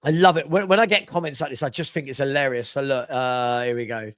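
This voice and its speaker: A man hosting a live football stream, chatty and teasing as he reads viewer comments and gives shout-outs. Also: mid-range voice, fairly even intonation, fast talker. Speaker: host of a live football transfer show.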